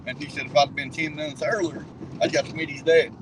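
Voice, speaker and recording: A man's voice: fairly high pitch, steady tone, quick pace, background noise. Cussing Southern trucker man. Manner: profane, emphatic, laughing easily. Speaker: truck driver guest. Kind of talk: casual chat.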